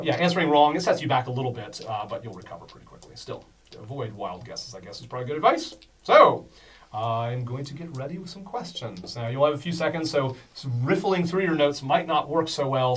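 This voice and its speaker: A man's voice: mid-range voice, expressive, a little fast, breathy edge. A man running a tabletop game for beginners, quizzing players and chuckling as he stumbles over names. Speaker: game master. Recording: distant mic, faint background noise.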